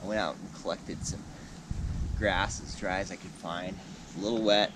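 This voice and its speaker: A man's voice: low voice, steady tone, normal speed. Easygoing man narrating outdoors in wind. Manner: easygoing, chatty. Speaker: vlogger. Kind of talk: casual outdoor vlog narration. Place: outdoor campsite by a river. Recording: loud wind and outdoor noise.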